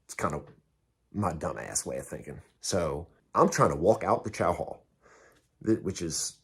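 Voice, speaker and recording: A man's voice: deep voice, lively intonation, unhurried, creaky, breathy edge. A man telling a story in a casual way, blunt and heavily profane, and mocking himself. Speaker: vlogger recounting prison time.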